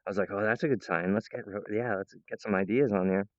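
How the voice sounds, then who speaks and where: This kitchen vlog features a man with a lowish voice and fairly even intonation who talks quickly to the camera at home. His playful ramble is full of restarts, side thoughts and silly voices, and the audio is dull with no echo.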